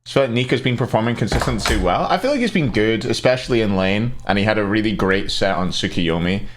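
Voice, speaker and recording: A young man with a mild Scottish accent talks in a slightly low voice, loose and conversational as he ranks players. He is opinionated and keeps answering his chat. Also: expressive, brisk, noisy background. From Scotland. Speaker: streamer ranking esports players. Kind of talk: casual live-stream commentary.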